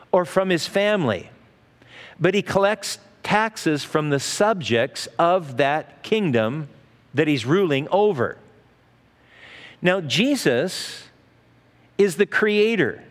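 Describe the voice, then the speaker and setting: A man's voice: on the high side, big-room sound. A middle-aged man preaching a sermon as pastor, in a folksy, conversational way with asides and restarts.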